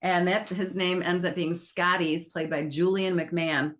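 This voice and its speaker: A woman's voice: lowish voice, normal speed. Chatty woman film critic. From United States. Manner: chatty, animated retelling with laughs. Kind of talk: casual film review chat.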